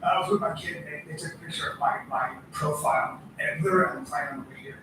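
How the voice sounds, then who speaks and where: A middle-aged man co-hosting a podcast, telling animated stories in casual, swearing chat. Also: fairly high pitch, fast talker, recorded from a distance, background noise. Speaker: podcast co-host. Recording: echoey room from off-mic.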